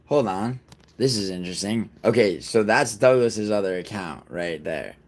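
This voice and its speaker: Man, livestream host, very low voice, rambling, profane, chats with viewers. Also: expressive, moderate pace, soft background music. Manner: rambling, profane, talks straight to chat. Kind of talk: casual livestream chat with viewers.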